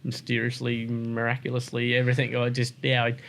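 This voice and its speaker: An Australian man chats as a podcast guest, spinning long stories in a loose, rambling way. He leans on "like" and "um" as he goes, at an ordinary middle pitch. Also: brisk. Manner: relaxed, rambling, many "like" and "um" fillers. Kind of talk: casual interview storytelling.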